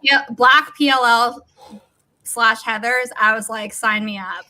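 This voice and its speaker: Bright high-voiced woman chatting. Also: unhurried. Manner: chatty, laughing often. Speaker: host. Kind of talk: casual chat.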